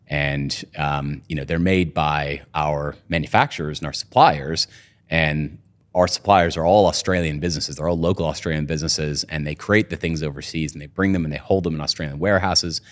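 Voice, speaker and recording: A man's voice: rumbling low, fairly even intonation, a little fast. A man, a company co-founder, talking through a casual podcast interview with lots of "you know" and "right?". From United States.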